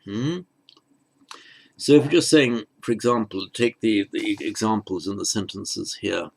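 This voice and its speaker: A man teaching a recorded grammar lesson in a measured, explanatory way, often restarting his phrases. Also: lowish voice, creaky. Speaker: language teacher.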